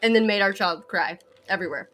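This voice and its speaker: A woman's voice: mid-range voice, fast, fairly bright tone. A woman playing a co-op game on stream, laughing a lot and often unsure where to go next. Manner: giggly, unsure, asks where to go. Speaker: co-op game partner. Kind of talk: casual gameplay chat.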